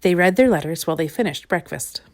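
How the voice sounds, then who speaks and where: A woman reading a children's storybook aloud in a gentle, expressive way. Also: lowish voice, fast talker.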